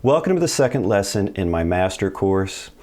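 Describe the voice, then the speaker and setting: A man teaching a video language lesson in a relaxed, upbeat way, explaining each step plainly. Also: low-pitched, moderate pace. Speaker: Spanish teacher.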